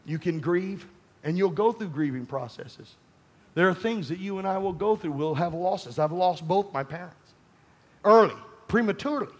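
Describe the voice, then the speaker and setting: Fervent high-pitched preacher man. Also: expressive, moderate pace. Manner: fervent, rising to shouting, conversational asides to the congregation. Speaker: pastor. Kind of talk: sermon.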